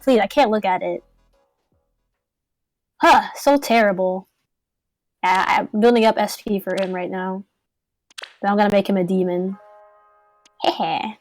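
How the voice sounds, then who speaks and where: A woman streaming live, reviewing game builds in an excitable, mock-outraged way. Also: medium pitch, dry recording.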